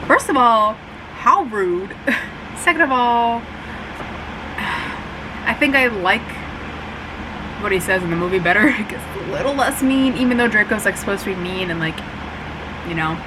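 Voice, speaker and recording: A woman's voice: medium pitch, moderate pace, long pauses. A young woman chatting casually to her camera at home, full of "like" and "um", with a fan running in the room. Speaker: vlogger. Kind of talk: casual reading-update vlog. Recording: steady fan hum behind.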